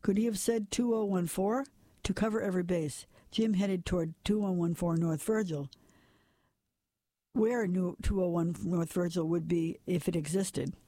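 A man reading a novel aloud as narrator, in a steady, plain manner with an occasional slip and restart. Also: high voice, moderate pace, dry recording. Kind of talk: audiobook narration.

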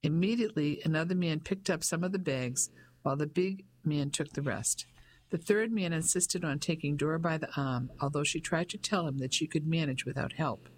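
A reader narrating a period mystery novel as an audiobook in an even, steady way. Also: mid-range voice, normal speed, a little hiss or hum.

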